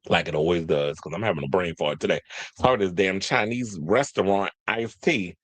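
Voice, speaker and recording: Male host, low voice, loose rambling pop-culture chat, dry close sound. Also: a little fast, no echo. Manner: chatty, tangential, forgets names. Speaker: podcast host. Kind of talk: casual pop-culture commentary.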